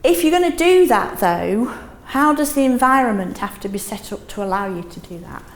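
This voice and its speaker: A woman's voice: on the high side, moderate pace, reverberant. Woman trainer who keeps asking "yes?". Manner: lively, checks in with "yes?" often. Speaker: teaching trainer. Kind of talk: workshop teaching. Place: classroom.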